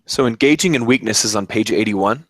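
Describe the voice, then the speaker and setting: A young man playing in a tabletop game, calmly reading out rules. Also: on the low side, a little fast, no echo, poor audio. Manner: reads rules aloud, calm. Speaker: player. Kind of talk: casual tabletop game talk.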